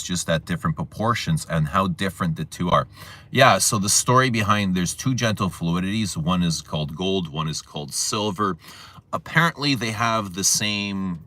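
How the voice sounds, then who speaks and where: Deep-voiced bright chatty man. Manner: chatty, storytelling, animated retelling. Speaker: livestream host. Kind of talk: casual livestream chat.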